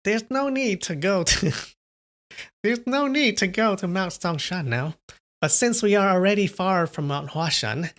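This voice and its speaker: A man voicing a warm woman in her fifties in a raised, put-on woman's voice, as he reads a story aloud. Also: high voice, lively intonation, unhurried, pitched above the performer's own voice. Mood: calm.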